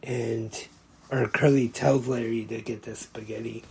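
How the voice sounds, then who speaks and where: A man's voice: mid-range voice, little pitch movement, creaky, darkish tone, a little hiss or hum. A man hosting a podcast, retelling a comedy short scene by scene in a plain, casual way. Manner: slow, plain play-by-play retelling. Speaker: podcast host.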